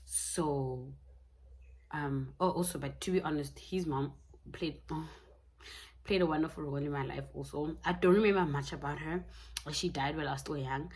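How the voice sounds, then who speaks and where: A woman's voice: sits low, moderate pace, darkish tone, slightly rough. A young South African woman telling a personal story in a candid, casual way, laughing often. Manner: candid, mixing in Setswana phrases, laughing often. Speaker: YouTuber.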